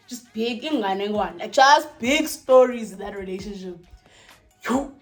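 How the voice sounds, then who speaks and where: A young South African woman telling a personal story at home in a chatty, animated way, swearing freely and losing her thread now and then. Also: medium pitch, unhurried, soft background music. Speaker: vlogger. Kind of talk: casual storytime.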